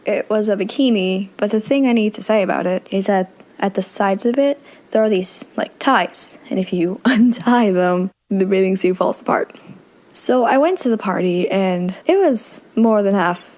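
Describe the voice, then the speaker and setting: A woman's voice: medium pitch, moderate pace, darkish tone. A woman with a mid-range voice tells an anecdote in a chatty, easygoing manner. Small laughs break into her sentences as she goes. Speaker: storyteller. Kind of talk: casual personal storytelling.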